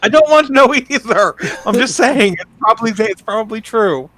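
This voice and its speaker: A man's voice: extremely high pitch, animated, normal speed, pushed and bright. A man co-hosting a podcast, chatting casually and adding trivia asides about a cartoon. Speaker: podcast co-host. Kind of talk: casual recap chat.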